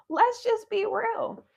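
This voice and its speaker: A woman hosting a passionate live talk to her viewers, emphatic and laughing often, swinging from loud to hushed, and losing her voice. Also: extremely high pitch, very slow, creaky. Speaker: spiritual video host.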